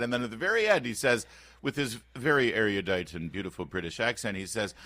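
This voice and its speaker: A man in his fifties hosting a radio talk show, chatting in an animated, opinionated and sarcastic way, often restarting his sentences. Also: mid-range voice, fast, no echo. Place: radio studio. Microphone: close studio microphone.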